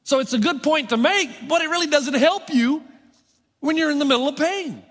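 A middle-aged male pastor delivers a sermon in a strikingly high voice. He keeps it conversational, poking fun at himself between points. The sound carries the long, ringing reverb of a church sanctuary. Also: normal speed, fairly bright tone. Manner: conversational, self-mocking humor.

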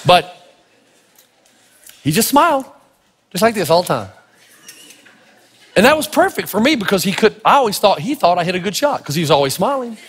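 A man from Tennessee preaching a sermon, telling folksy, humorous stories in an animated way. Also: high-pitched, moderate pace, pauses often, slight background noise. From Tennessee, United States. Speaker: pastor. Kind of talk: sermon with storytelling. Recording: echoey hall.

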